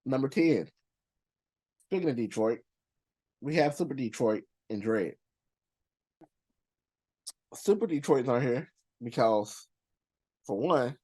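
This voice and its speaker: A man's voice: fairly high pitch, expressive, a little slow, long pauses, darkish tone. A young man hosting a movie reaction channel, talking through a ranked list in loose, slangy, rambling casual commentary full of fillers.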